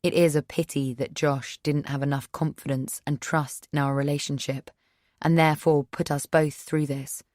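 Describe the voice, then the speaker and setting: A woman narrating an audiobook in the first person, measured, subdued and sorrowful. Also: sits low, little pitch movement, darkish tone, no room sound, studio quality.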